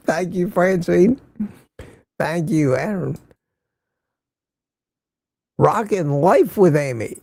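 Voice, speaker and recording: A man's voice: a little high, lively intonation, slow pace, creaky, long pauses, mellow, husky, no room sound, studio quality. An older man hosting a casual morning livestream, greeting viewers by name and reading the chat aloud. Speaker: livestream host.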